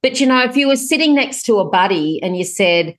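Animated, chatty middle-aged woman guest. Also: brisk. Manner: animated, chatty, jumps up in pitch when excited. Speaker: guest author. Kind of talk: casual podcast interview.

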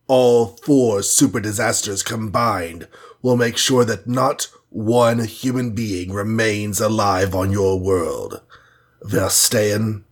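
A man's voice: medium pitch, unhurried, slightly rough. A man reading a storybook and voicing a scheming alien villain from the future, condescending and bland, sprinkling in foreign words. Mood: menacing. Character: sneering scheming male alien time-traveler villain.

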